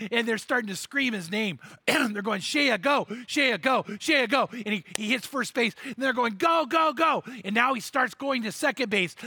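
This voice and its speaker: A man's voice: extremely high pitch, bright, forceful tone, husky, no room sound, studio quality. A man preaching a sermon and telling a story, acting out the characters' lines with animation and repeating words as he goes.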